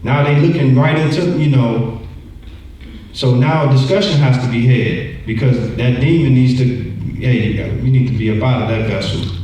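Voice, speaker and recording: A man teaching a church lesson in a relaxed, talky way. He often repeats words as he speaks. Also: mid-range voice, moderate pace, a little hiss or hum. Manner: conversational, repeats words, acts out voices. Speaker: Bible study teacher. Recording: echoey room, distant mic.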